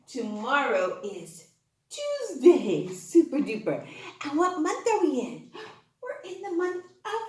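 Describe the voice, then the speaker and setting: A woman leads young children through phonics in a slow, sing-song teacher voice. Her pitch sits a little high and leaps all over the place as she cheers them on. The room around her is echoey. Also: huge pitch swings. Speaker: kindergarten teacher. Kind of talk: online class for young children.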